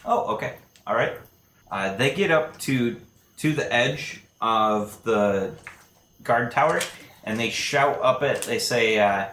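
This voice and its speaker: Bright-voiced man running a tabletop game. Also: medium pitch, slow, a little hiss or hum. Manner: narrating with fillers and laughs. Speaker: dungeon master. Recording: echoey room.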